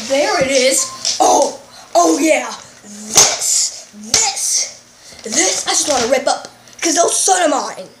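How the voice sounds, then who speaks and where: A strict, ranting father scolds his son in a comedy sketch, played by a woman. The voice sits high and the scolding is slow and drawn out, broken by sudden shouts. The recording has a roomy echo. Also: noisy background, heavily acted. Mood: furious ranting.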